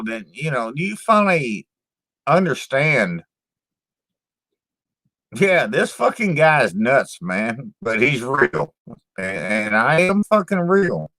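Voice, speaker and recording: A man talks slowly and bluntly to his channel's viewers, full of swearing and doubled-up words. His voice is bright and forward. The recording is dry and close. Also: mid-range voice, big pitch swings, no echo. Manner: blunt, profane, repeats words and says "man" a lot. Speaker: channel host reading live chat. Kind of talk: casual live-stream chat.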